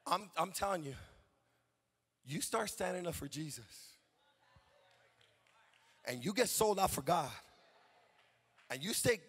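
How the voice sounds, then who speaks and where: A male pastor preaching an impassioned sermon, shouting and chanting in a sing-song cadence with repeated phrases. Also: high-pitched, expressive, takes it slowly, pauses often, slightly rough.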